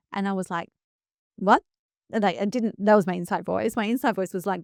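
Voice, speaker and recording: A woman's voice: medium pitch, fairly even intonation, a little fast, vocal fry, no echo, clean studio sound. A middle-aged woman hosting a podcast interview, telling stories in a conversational way and acting out the voices she quotes. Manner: storytelling, acts out quoted voices. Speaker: podcast host.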